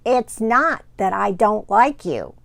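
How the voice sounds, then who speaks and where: A woman voicing an old, tired male pet dog in a storybook, speaking slowly and gently as he explains himself. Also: mid-range voice, very animated, creaky, no room sound, exaggerated voice. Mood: gentle.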